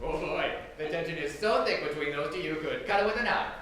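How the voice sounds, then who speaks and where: A man playing a bumbling male beauty pageant announcer in a community stage play, jokey and excitable. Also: fairly high pitch, a little fast, close to an everyday voice. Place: theater stage. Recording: echoey hall, distant and noisy.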